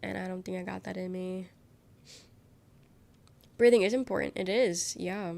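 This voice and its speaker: A woman's voice: lowish voice, steady tone, normal speed, gravelly, darkish tone. A young woman streaming live while sick, her voice coming out nasal and congested. She rambles casually to her viewers, giggles often and swears without a second thought.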